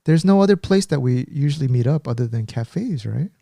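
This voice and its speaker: A man from Korea co-hosting a podcast, talking in a relaxed, teasing way and often trailing off mid-sentence. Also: mid-range voice, a little fast, gravelly, no room sound, clean studio sound. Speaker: podcast co-host. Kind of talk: casual chat.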